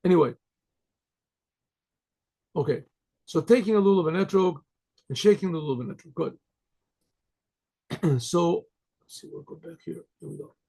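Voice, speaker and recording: Rabbi telling a story, gravelly and husky, rambling and animated, on a video call mic. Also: male voice, a little high, normal speed, long pauses. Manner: rambling, animated, full of restarts. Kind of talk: storytelling talk.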